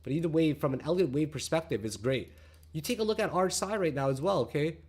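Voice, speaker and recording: A man's voice: fast talker, breathy edge. Brash, profane man ranting about markets. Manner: brash and crude, shouting and laughing at viewers; calmer, lower explanatory tone while reading charts. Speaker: crypto trading channel host. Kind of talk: profane, excitable market commentary.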